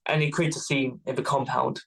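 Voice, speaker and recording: A man's voice: medium pitch, little pitch movement, brisk, vocal fry, a loud crowd, poor audio. A young man from Wales telling travel stories as a guest, casual and self-mocking. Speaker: guest adventurer. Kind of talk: casual storytelling.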